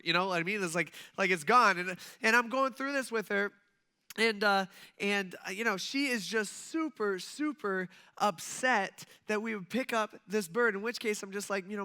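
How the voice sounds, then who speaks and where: Bright-voiced chatty young pastor. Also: male voice, on the high side, fairly quick, clear, resonant tone. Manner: chatty, full of fillers and asides. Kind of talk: casual storytelling sermon. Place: church sanctuary.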